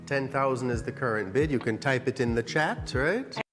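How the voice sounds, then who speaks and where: A man's voice: medium pitch, animated, normal speed. Man calling a charity auction. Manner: upbeat, coaxing bids. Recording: long hall reverb with music behind.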